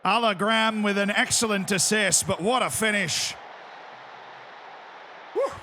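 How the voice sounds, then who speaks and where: Hype football commentator, put on by a man, yelling stretched-out calls, high pitch. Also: a little hiss or hum. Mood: ecstatic. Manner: shouting, drawn-out calls. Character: excitable male football commentator.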